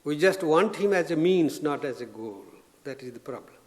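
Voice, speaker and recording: A man, a swami, giving an informal spiritual talk, gentle and anecdotal with frequent restarts. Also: on the high side, lively intonation, normal speed. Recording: long reverb of a lecture hall.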